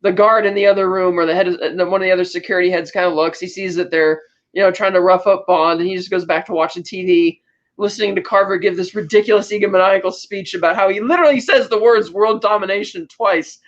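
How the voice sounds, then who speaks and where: A woman's voice: lowish voice, steady tone, fast talker, lo-fi sound. Chatty woman recapping a movie. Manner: chatty retelling with quoted lines and laughs. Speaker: podcast co-host. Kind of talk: casual podcast movie recap.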